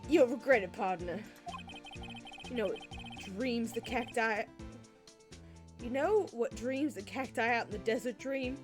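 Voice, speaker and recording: A woman's voice: a little high, measured pace, pauses often, natural voice. A woman voicing a swaggering male cowboy detective in a put-on Southern drawl, over video game music. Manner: lazy folksy drawl.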